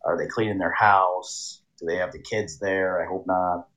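A man co-hosting a podcast in casual chat, laughing a lot and retelling comedy scenes in squeaky quoted voices. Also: steady tone, moderate pace, fairly bright tone, rough recording. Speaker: podcast co-host.

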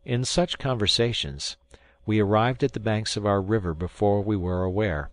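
A man reading a first-person story aloud in measured storytelling. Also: on the low side, dry recording. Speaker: audiobook narrator. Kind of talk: scripted first-person narration.

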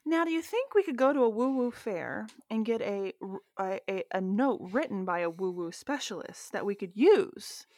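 A woman's voice: medium pitch, lively intonation, moderate pace, hardly any pauses, a little mellow, dry recording, clean studio sound. A woman co-hosting a podcast, talking casually with a friend, chatty and self-mocking, with lots of stammered restarts. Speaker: podcast co-host. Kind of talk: casual chat between friends.

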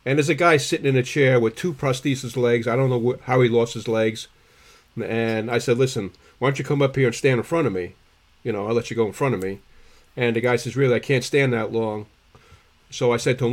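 A man, co-hosting a podcast, tells rambling stories in a husky voice and keeps clearing his irritated throat. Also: mid-range voice. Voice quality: gravelly, husky. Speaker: podcast co-host. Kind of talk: casual storytelling chat.

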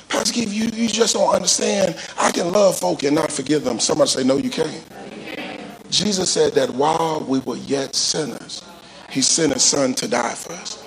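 Male pastor, call-and-response sermon, sing-song shouts, high voice, gravelly edge. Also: rough recording.

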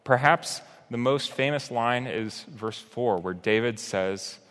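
A man's voice: mid-range voice, slow pace, a bit bright, in a large hall. A young adult man preaching a sermon as a pastor, earnest and grieving, his voice climbing in bursts of emotion.

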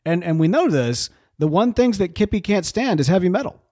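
This is a male podcast host with a fairly high, very lively voice. He talks in a loose, jokey way and keeps breaking into laughs as he riffs. The sound is dry and close. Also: brisk, dry recording. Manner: animated, jokey, trails into laughs. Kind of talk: casual chat.

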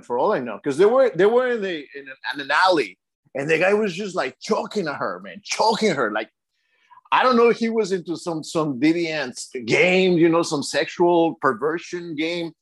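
A man's voice: fairly high pitch, breathy edge. A young man co-hosting a podcast, telling a long story in a rambling way, full of restarts and "man.". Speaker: podcast co-host. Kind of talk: casual chat.

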